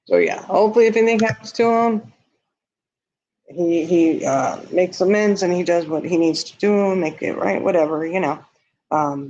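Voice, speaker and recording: A man's voice: sits high, normal speed, a little mellow. Blunt man on a lo-fi stream. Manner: blunt, candid, laughs at own remarks. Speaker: livestream host reading viewer comments. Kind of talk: casual livestream chat. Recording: dull lo-fi stream audio.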